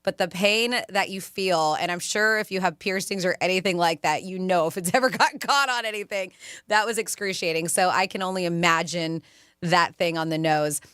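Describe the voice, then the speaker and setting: A woman co-hosting a radio talk show, telling stories in an animated, chatty way. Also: on the low side, normal speed, clean tone, no room sound, studio quality. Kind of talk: casual radio chat.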